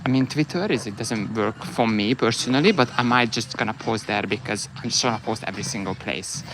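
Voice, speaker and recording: A man's voice: lowish voice, fairly quick. Chatty 30s guy, hairdresser, rambly and giggly, noisy background. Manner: chatty and bubbly, laughs often, rambling restarts. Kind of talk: casual chat.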